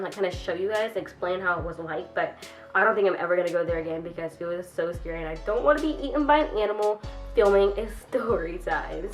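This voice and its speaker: A young woman vlogger telling a casual storytime, rambling and filling her sentences with "like". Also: mid-range voice. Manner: rambling, heavy use of "like". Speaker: YouTuber.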